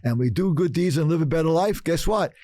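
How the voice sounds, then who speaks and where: A man's voice: fairly high pitch, expressive, brisk, warm tone, dry recording. An older man from Brooklyn, telling stories emphatically as a podcast guest and repeating phrases for effect. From Brooklyn, New York. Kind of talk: storytelling interview talk.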